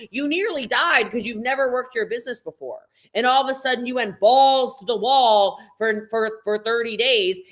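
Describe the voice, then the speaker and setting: A woman's voice: medium pitch, a bit bright. Blunt woman coaching live. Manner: blunt, emphatic, repetitive, talks straight to viewers. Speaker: business coach. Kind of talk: live-streamed motivational coaching.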